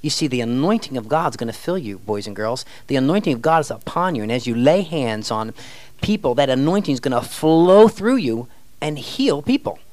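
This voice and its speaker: A man's voice: mid-range voice, expressive, normal speed, a little mellow, dry recording. A man with a mid-range voice, recorded dry and close, teaches a ministry team. He reads scripture with dramatic lifts and preacher-like emphasis.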